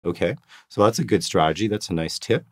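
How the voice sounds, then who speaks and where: Very deep-voiced male podcast host. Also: animated, fairly quick. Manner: friendly, prompting questions, affirming answers. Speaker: podcast host interviewing test takers. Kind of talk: casual interview.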